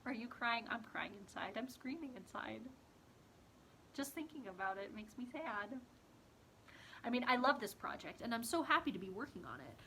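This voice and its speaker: A young woman talks casually to her camera at home, rambling and poking fun at herself, with plenty of ums along the way. Her voice is bright and sits a little high. A faint hiss runs underneath. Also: big pitch swings, brisk. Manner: rambling, self-deprecating, with frequent fillers. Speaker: book and writing vlogger.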